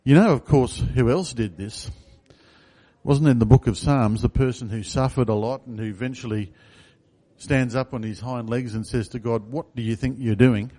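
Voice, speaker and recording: A man's voice: medium pitch, moderate pace, mellow. A man preaching a sermon in a conversational way, asking the congregation questions. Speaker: pastor.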